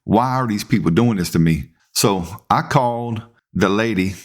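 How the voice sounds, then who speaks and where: A man, hosting a podcast and telling a work story in a casual, animated way, acting out what people said. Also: on the low side, normal speed. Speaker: podcast host, police officer.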